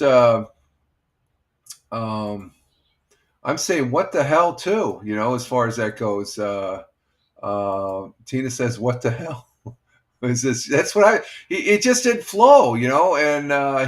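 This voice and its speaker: An older man hosts a relaxed morning live stream. He rambles, halts often and reads viewer comments aloud in an easygoing voice of middling pitch. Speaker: livestream host. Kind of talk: casual live-stream chat.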